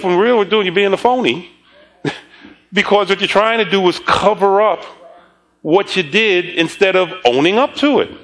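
A man's voice: high voice, a bit bright, poor audio. A middle-aged man preaching a sermon, telling a story and often laughing as he talks, with repeated words and restarts. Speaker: pastor.

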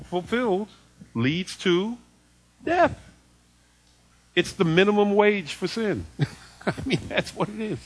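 A man preaching a sermon in an animated way, laughing often and acting out quoted voices. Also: a little high, breathy edge.

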